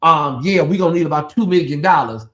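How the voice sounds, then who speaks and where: A high-voiced man runs a late-night gossip livestream in a loose, chatty way. He talks straight to his viewers and breaks off into animated asides, with a lilt. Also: a little fast. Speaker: livestream host.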